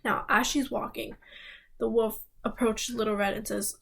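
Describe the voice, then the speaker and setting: A young woman student telling a fairy tale aloud, speaking to her listeners with dramatic pauses. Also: a little high, flat delivery, creaky, slightly rough, low-quality recording. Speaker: student storyteller. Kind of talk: oral fairy-tale storytelling.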